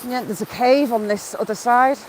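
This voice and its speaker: She speaks at normal speed in a slightly mellow, somewhat high voice while vlogging a walk by a wooded river. She chats casually with her live-stream viewers and greets them by name. Poor audio picks up faint outdoor background noise.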